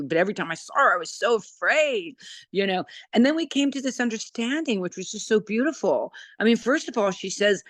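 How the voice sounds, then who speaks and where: A woman in her sixties from San Francisco shares a heartfelt, rambling testimony with a group circle, often restarting sentences and using fillers. She speaks at a medium pitch with no room sound at all.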